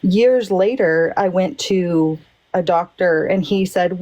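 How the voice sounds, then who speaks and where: A woman speaking in a casual group discussion, her voice mellow and dark rather than bright. She tells her story candidly and with emphasis, voicing the people she quotes. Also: mid-range voice, moderate pace, rough recording. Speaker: panel participant.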